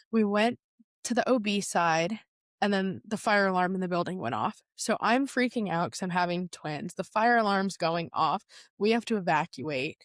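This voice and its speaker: A young woman, a podcast guest, retelling a personal story in a lively way and laughing often. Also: medium pitch, dry recording, clean studio sound. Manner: animated retelling, laughs often, acts out quotes.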